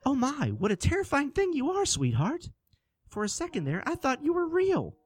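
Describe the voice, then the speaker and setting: A man's voice: very high-pitched, wildly swooping pitch, moderate pace, dry recording, clean studio sound, pitched above the performer's own voice, exaggerated voice. A man voicing a cheerful elderly woman handing out candy, sweet and gushing. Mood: delighted.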